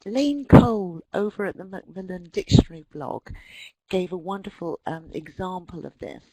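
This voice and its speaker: A woman's voice: fairly low pitch, normal speed, husky, dry recording, poor audio. A woman presenting an online lecture on language, telling stories and acting out quoted speech. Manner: lively storytelling, acts out quotes. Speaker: webinar presenter.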